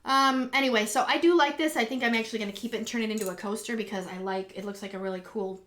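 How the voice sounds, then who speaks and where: Chatty, higher-voiced woman live streaming. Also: quick pace. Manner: chatty and rambling, many ums and restarts; excitable and gushing when greeting viewers. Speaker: live stream host and acrylic pour artist. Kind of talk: casual live-stream chat. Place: home, indoors.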